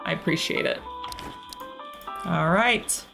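A woman hosting a gaming channel, reacting nervously out loud and talking to the characters as she plays. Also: on the low side, slow, creaky. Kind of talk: let's play commentary. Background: game music.

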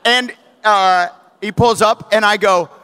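Animated, swearing man telling a story live. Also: high voice, slow, smooth. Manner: animated, swearing, acts out quotes. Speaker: podcast co-host. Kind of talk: casual storytelling before a live audience. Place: live venue stage.

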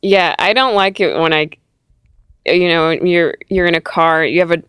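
A woman's voice: fairly low pitch, moderate pace, clear, resonant tone, dry recording, clean studio sound. A woman in her thirties, a comedian guest chatting casually in a self-deprecating way. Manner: giggly, self-deprecating, lively. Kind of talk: casual chat.

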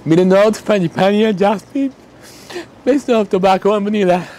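A man making candles, talking in an emotional, heartfelt way and slowly reading out fragrance notes. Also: sits high, darkish tone. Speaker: candle maker. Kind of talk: casual vlog talk.

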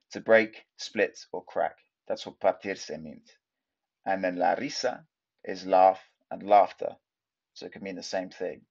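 A man's voice: sits low, creaky, darkish tone, breathy edge, muffled recording. A man hosting a casual video language lesson, chatty and explaining things step by step. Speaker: language teacher.

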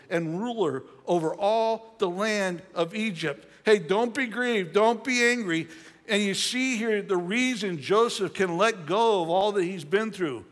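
High-voiced older pastor in a reverberant hall. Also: male voice, a bit bright. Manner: conversational, reads scripture then retells it with playful asides. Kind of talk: sermon. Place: church sanctuary. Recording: long church hall reverb.

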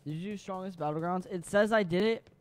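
A man's voice: high-pitched, fairly quick. A young man streaming a game live, tired and rambling as he chats with viewers while playing. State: sleepy. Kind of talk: casual live-stream chat. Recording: faint background noise.

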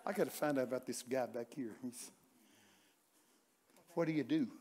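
A man's voice: mid-range voice, moderate pace, background noise. An older man preaching a humorous, folksy sermon full of stories, often laughing and acting out voices.

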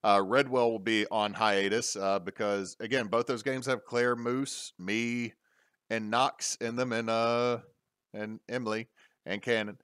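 A man hosting a casual podcast, rambling with many fillers and pauses. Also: on the low side, fairly even intonation, fairly bright tone, clear, resonant tone, dry recording, clean studio sound. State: hiccups. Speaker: podcast host.

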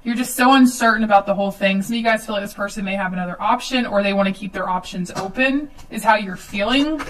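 A woman's voice: mid-range voice, fast, recorded from a distance, poor audio. Woman tarot reader, casual home reading, slight hiss, nervous laugh. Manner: chatty, with filler ums and nervous laughs.

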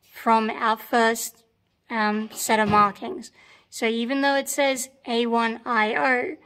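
A tank restoration mechanic from Australia records a step-by-step tutorial one-handed on her phone in a workshop beside a tank engine. She speaks patiently in a fairly high, slightly hoarse, somewhat bright voice, going back over the important points.

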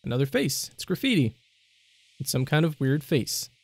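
A man's voice: on the high side, sing-song, normal speed, no echo. A young man commentating a let's play of a horror game, jumping between panicky yelps and joking asides. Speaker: gaming YouTuber.

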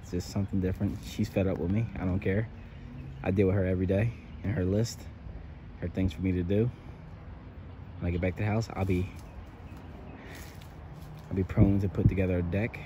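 Joking low-voiced man vlogging outdoors. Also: fairly quick, pauses often. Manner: excitable, joking, emotional. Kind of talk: casual vlog narration. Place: outdoors in woods. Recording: noisy outdoor camera audio.

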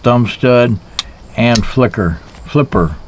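A man's voice: mid-range voice, animated, unhurried, a little hiss or hum, rough recording. A man casually reviewing knives in a rambling, joking way, talking to himself as he handles them outdoors. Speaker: knife reviewer. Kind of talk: casual knife review vlog. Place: outdoors in a backyard.

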